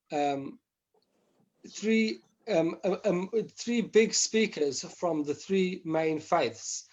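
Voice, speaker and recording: A man with a slightly high voice gives an informal teaching class. He talks haltingly, full of fillers and restarts, and brings stories to life by acting out the people in them. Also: a little mellow, dull audio. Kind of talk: informal memorial class talk.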